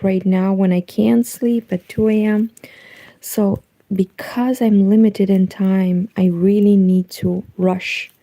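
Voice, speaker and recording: Romanian-accented woman talking soft at home late at night, nearly lost her voice, very dark mellow tone, reads chat out. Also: medium pitch, vocal fry. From Eastern Europe. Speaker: knitting livestreamer.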